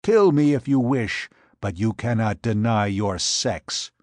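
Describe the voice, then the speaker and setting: A hulking usurper warrior taunts and mocks in a gruff voice, as a man puts him on while reading aloud. The pace is slow and weighty. The sound is dry and close. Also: fairly low pitch, dry recording. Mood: gruff, taunting. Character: giant male usurper warrior, defiant and mocking. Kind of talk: audiobook narration.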